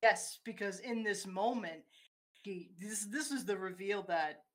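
A woman's voice: mid-range voice, measured pace. A woman in casual conversation, walking through a film scene step by step and acting out its quoted lines.

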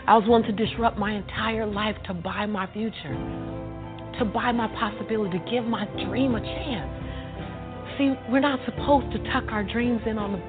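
A woman guest telling her life story in a lively, motivational way, acting out the dialogue and laughing often. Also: fairly high pitch. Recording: tinny phone-like sound with faint music.

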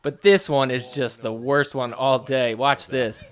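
A man's voice: medium pitch, steady tone, a little slow. A man hosting a podcast, giving a casual, joking play-by-play recap of matches and poking fun at the referees. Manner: joking, mocks referees in quoted asides.

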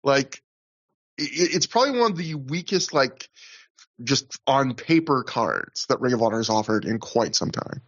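A man's voice: medium pitch, big pitch swings, moderate pace, a bit bright, dull audio. A man hosting a casual podcast, rambling through a recap, often laughing and restarting his sentences. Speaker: podcast host.

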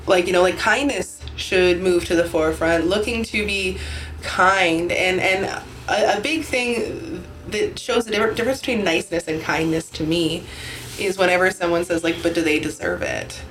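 A woman's voice: lowish voice, normal speed, a bit bright, a little hiss or hum. A woman from Canada hosting a casual podcast, rambling with lots of fillers and restarts, swearing now and then. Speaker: podcast host.

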